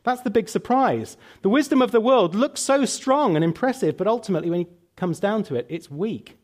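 A man's voice: high-pitched, animated, brisk. A man preaching a sermon and leading a prayer, emphatic and building through lists, later answering questions with some fillers.

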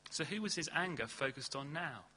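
A man preaching a sermon in earnest, leaning hard on key words and then dropping low and slow. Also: animated, sharp tone, slightly rough. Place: church hall.

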